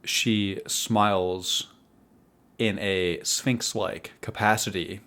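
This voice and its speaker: Brief: male game master, low voice, slow deliberate narration. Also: steady tone, fairly bright tone. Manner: unhurried, descriptive narration.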